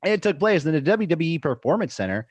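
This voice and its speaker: A man's voice: a little high, big pitch swings, fast, a little mellow, husky, dry recording. A man hosting a podcast, chatting casually and recapping wrestling events in a chatty, easily amused way. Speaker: podcast host.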